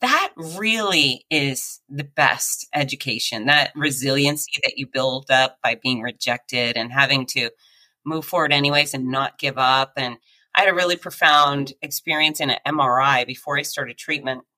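A woman's voice: extremely low pitch, normal speed, poor audio. A woman guest on a podcast, telling a personal story animatedly, acting out the voices she quotes and laughing often. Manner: animated, acts out quoted voices and sound effects.

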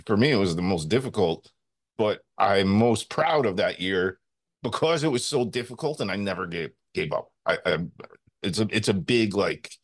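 A man in his thirties co-hosting a sports talk show, telling stories in a rambling, animated way with many fillers. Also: lowish voice, normal speed. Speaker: sports radio co-host.

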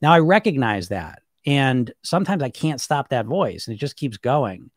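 A man coaching people on weight loss in a casual, animated way, often acting out the thoughts in people's heads. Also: medium pitch, moderate pace, no room sound, clean studio sound. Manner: animated, conversational, acts out inner voices.

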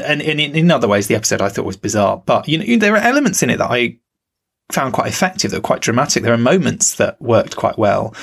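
A man's voice: mid-range voice, vocal fry. A man co-hosting a podcast, talking casually and thoughtfully, asking himself questions and restarting his sentences. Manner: musing, self-questioning, many restarts. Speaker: podcast co-host. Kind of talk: casual critical discussion.

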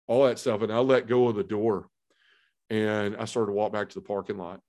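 A middle-aged man with a fairly low voice tells his personal testimony. He speaks earnestly, acts out the people he quotes, and drops to a near hush at the emotional moments. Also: flat delivery, a little fast. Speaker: podcast guest telling his testimony.

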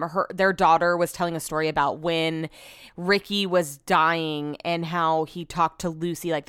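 Young woman, casual storytelling, animated, swears, smooth clear voice, dry close sound. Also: fairly low pitch, no echo. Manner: animated, swears freely, acts out quotes. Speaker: podcast host.

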